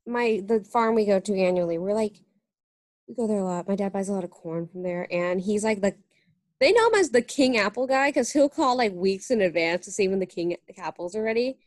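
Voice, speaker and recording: A woman's voice: mid-range voice, expressive, a little fast, no room sound. A young woman co-hosting a podcast in casual chat, giggly and talkative, with lots of "like". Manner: chatty, giggly, heavy use of "like". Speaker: podcast co-host.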